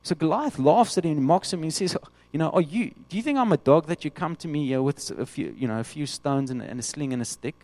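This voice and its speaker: Guy preaching, animated, does little voices for quotes, dry close sound. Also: on the high side, fast, no echo. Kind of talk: sermon.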